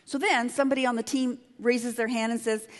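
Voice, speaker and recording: A woman's voice: on the high side, steady tone. Emphatic woman speaking in a reverberant hall. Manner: emphatic and conversational, with quick asides to the audience. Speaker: leadership consultant and conference speaker. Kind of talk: conference talk with storytelling. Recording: long reverb of a large hall.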